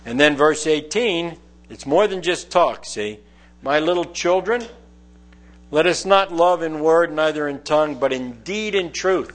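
A middle-aged man delivers a Bible teaching in a conversational manner. His voice sits somewhat high for a man. He reads verses aloud and then explains them plainly. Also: a little slow. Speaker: preacher.

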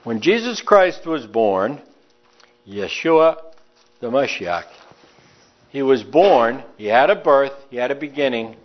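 A man delivers a Bible teaching, his pitch rising and falling with strong emphasis as he reads verses and comments on them. The recording sounds a little dull and lo-fi. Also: lively intonation, slow, pauses often. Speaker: preacher.

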